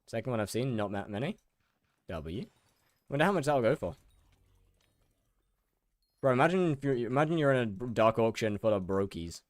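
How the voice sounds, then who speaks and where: A man's voice: mid-range voice, expressive, moderate pace, long pauses, no echo. A young British man casually chatting with his viewers while gaming, often stammering and repeating words. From United Kingdom. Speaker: streamer. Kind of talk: casual live-stream chat while gaming.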